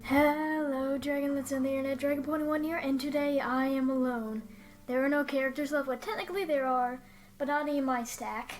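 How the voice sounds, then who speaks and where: Upbeat woman doing a let's play, high voice, faint music in the back. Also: steady tone, a little fast. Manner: chatty, upbeat, reads game text aloud. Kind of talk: casual game commentary.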